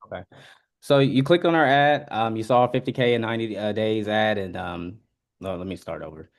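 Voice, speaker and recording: A man's voice: on the low side, brisk. A man practicing a sales opener on a video call, hesitant and often starting over. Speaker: sales trainee.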